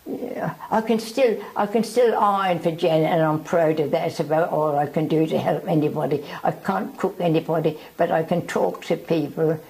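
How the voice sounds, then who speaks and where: A woman over a hundred years old, from South Africa, giving an oral history interview, speaking haltingly and often repeating herself. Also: deep voice, steady tone, gravelly, darkish tone, rough recording. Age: over 100.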